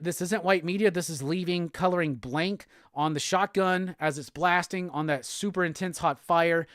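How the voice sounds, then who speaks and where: Excitable, profane man recapping comics. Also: on the high side, no echo, studio quality. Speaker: podcast host. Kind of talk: casual comic book recap.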